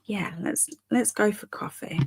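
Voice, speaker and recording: A woman's voice: mid-range voice, a little slow, vocal fry, breathy edge. A young woman hosting a live stream, chatting casually and reading viewer comments aloud in a giggly, bemused way. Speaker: livestream host.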